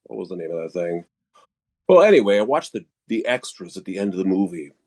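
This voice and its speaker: Deep-voiced older man sharing. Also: sing-song, fast, darkish tone. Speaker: martial arts student sharing. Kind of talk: casual sharing.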